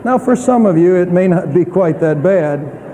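High-voiced preacher in echoing hall. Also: male voice, animated, moderate pace, slight background noise. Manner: earnest preaching with swings between loud and soft. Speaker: pastor. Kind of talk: sermon. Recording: echoey hall with long reverb.

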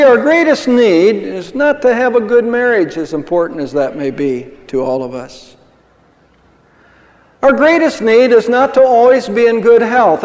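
A man's voice: sits high, darkish tone. Older man, pastor; conversational sermon with rhetorical questions, long church-hall reverb.

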